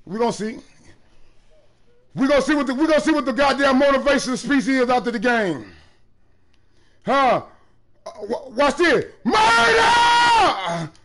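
Loud trash-talking man, high and lively. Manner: loud taunting, often bursts into shouts. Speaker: gamer streaming a basketball game. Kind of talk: trash talk during live gameplay.

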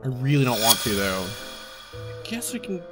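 A young adult commenting live on gameplay, panicky and yelping, with quick repeated phrases. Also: mid-range voice, sing-song. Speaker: gaming video creator. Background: game music.

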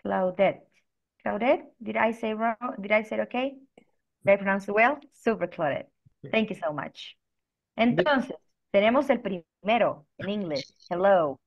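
A woman teaching an online language class, speaking slowly and patiently and spelling words out letter by letter. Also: medium pitch, expressive. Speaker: Spanish teacher. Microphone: video call. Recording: dull lo-fi video call audio.

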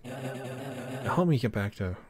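A man's voice: mid-range voice, animated, slow, darkish tone, voice pushed up. A man voicing a cocky, teasing adult healer in a game, in a boastful way.

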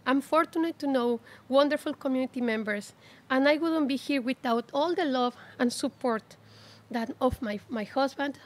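A woman in her forties giving a heartfelt, halting graduation speech at a ceremony. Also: sits high. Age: 40s. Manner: heartfelt, emotional, halting with restarts. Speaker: graduating student speaker.

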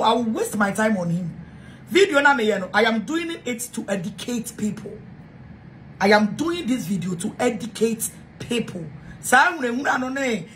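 A Ghanaian woman with a Ghanaian accent fires off a heated, repetitive rant, jumping between English and Twi. Her voice sits on the high side. A faint hiss of noise runs under the recording. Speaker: self-styled preacher. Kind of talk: angry rant to camera.

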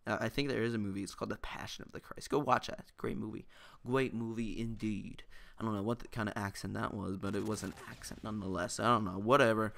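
A man's voice: lowish voice, fairly even intonation, fast talker, gravelly, few pauses, a bit bright. A young man giving casual, rambling gameplay commentary, often joking at his own expense. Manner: rambling, self-mocking, restarts often. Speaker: gaming YouTuber.

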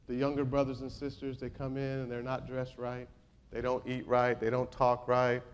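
A man's voice: medium pitch, completely flat delivery, moderate pace, muffled recording, a little hiss or hum. A male pastor preaching a sermon, reading scripture aloud and calling out questions to his congregation. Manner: reads scripture aloud in King James wording.

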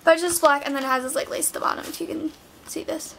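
Late-teens girl, high-pitched, bubbly and chatty, home recording on a camera mic. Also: steady tone, fast talker, gravelly, fairly bright tone, a little hiss or hum. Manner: bubbly, chatty, filler-heavy talk with many "like"s. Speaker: vlogger. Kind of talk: clothing haul vlog. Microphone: built-in camera mic.

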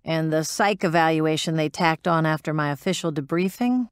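A woman voicing a hardened former military pilot, blunt and profane, defensive when pressed. Her voice sits low for a woman, recorded dry and close for an audiobook drama. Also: normal speed, smooth, no echo, natural voice. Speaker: interviewee.

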